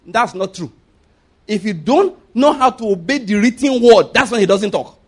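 Man, Nigerian accent, high-pitched, preaching a sermon, animated, rhetorical, chuckles a lot. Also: moderate pace, husky.

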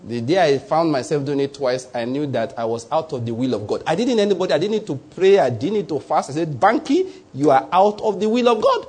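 A Nigerian preacher delivers a sermon in a slightly raised, husky voice. He is animated and conversational, slipping into little voices to act out scenes. He keeps asking whether the listener gets his point. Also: on the high side, fast talker, hardly any pauses. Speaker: pastor.

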